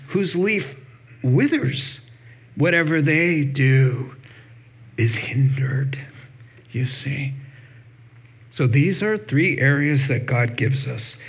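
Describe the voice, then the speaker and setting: A husky male pastor delivering a sermon, slipping into lively acted-out voices as he retells conversations. The recording is somewhat dull and lo-fi. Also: high voice. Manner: animated storytelling with acted-out dialogue.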